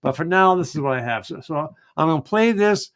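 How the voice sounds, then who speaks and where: Speaking briskly in a fairly high, expressive, rather bright voice, a middle-aged American man runs a live genealogy show. The talk is a casual, rambling stream chat packed with fillers and restarts.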